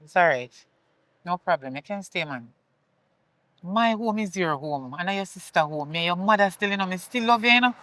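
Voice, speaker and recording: A woman's voice: fairly low pitch, expressive, normal speed, a bit bright, no room sound. A woman with a Jamaican accent playing a strict, remorseful mother who pleads and apologizes in heavy Patois. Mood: pleading, remorseful. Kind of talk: film drama acting.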